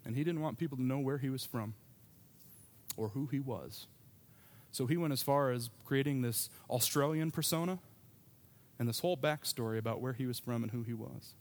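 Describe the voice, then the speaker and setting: A man's voice: mid-range voice, normal speed. A pastor preaching a sermon to his congregation, telling a personal story in a conversational way with asides.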